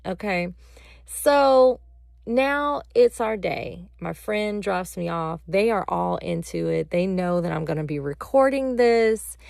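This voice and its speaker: A woman vlogger telling a personal story in a casual, animated way, speaking straight to her viewers. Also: medium pitch, vocal fry, dry recording, clean studio sound. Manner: animated, addresses viewers directly.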